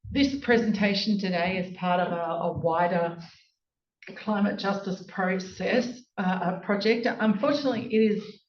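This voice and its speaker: A woman with a rural Australian accent giving an academic lecture as a law professor, earnest and thoughtful, with frequent fillers. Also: on the low side. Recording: echoey hall, dull lo-fi sound, faint noise.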